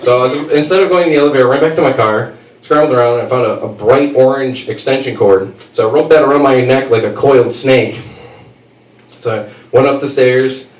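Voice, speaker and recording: A man doing a stand-up comedy set, telling a story and jumping into high put-on voices for the people in it. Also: fairly quick, highs cut off. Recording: roomy, distant mic with faint noise.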